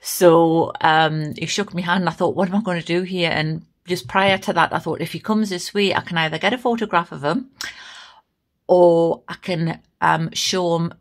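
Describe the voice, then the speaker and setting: A middle-aged woman with a Geordie accent, chatting casually and telling a lively story full of reported speech. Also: fairly low pitch, moderate pace. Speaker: guest, host's mother.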